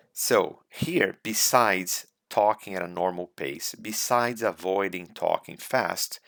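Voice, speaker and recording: A low-voiced man with a gravelly edge teaches students for a speaking exam, recorded close in a dry room. He talks deliberately, repeating his main points as he coaches. English is not his first language. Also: fairly bright tone, no echo. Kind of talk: recorded slideshow lecture.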